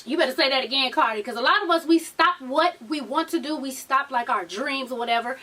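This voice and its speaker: High-voiced sassy Southern woman recapping. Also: a little fast, recorded from a distance, noisy background. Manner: blunt, profane, sassy commentary. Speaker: TV recap vlogger. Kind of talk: casual reality TV recap.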